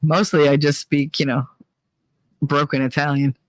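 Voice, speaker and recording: A woman's voice: low voice, little pitch movement, moderate pace, no echo. A woman with a New Jersey accent chatting casually with her viewers, reading their comments aloud, laughing often and mimicking her relatives. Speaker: streamer reading chat. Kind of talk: casual chat.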